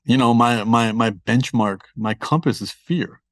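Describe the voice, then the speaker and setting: A man's voice: medium pitch, unhurried, fairly bright tone, no room sound, studio quality. A man with a Toronto accent, a guest author talking candidly and self-deprecatingly in a casual podcast interview.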